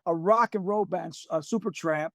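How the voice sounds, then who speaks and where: A man with a notably high voice tells a story on a podcast, stumbling through false starts and slipping into the voices of the people in it. The sound is dry and close, with no room around it. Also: fairly quick, a bit bright, no room sound. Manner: rambling, restarts, acts out quotes. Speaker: series creator guest.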